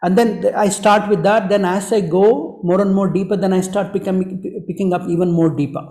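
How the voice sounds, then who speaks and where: A man, teaching breathwork to an online group in a gentle, repetitive way that leans on "you know". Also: high-pitched, fairly even intonation, brisk, echoey room, low-quality recording. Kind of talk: online group workshop talk.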